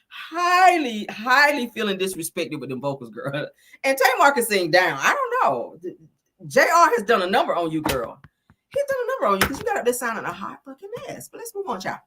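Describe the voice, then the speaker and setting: Woman, gossip commentary host, brash and profane, lively swooping voice, fairly high. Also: normal speed, slight background noise. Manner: brash, profane and animated, calls the audience "child" and "honey".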